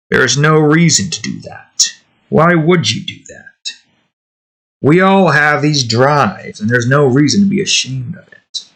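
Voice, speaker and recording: A young man with a bright, forceful tone rambles casually as he draws. He talks in an offhand, self-deprecating way and drifts between topics. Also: medium pitch. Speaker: artist and channel host. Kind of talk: casual chat while drawing.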